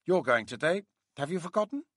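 A brisk woman colleague, her voice pitched high above the reader's own and full of mocking disapproval, as a male narrator puts her on. The lines rise and fall with lively swings, recorded close and dry. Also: husky, no room sound, full character voice.

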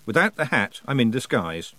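A man's voice: mid-range voice, very animated, moderate pace, pushed and bright, dry recording. A man voicing a clever young girl witch with a wry, thoughtful way of talking, for an audiobook.

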